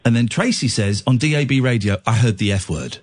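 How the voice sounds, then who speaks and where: Male radio host, husky, lively delivery, jokey and rambling. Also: mid-range voice, a little fast. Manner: jokey, rambling, lots of restarts. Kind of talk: late-night radio phone-in chat. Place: radio studio.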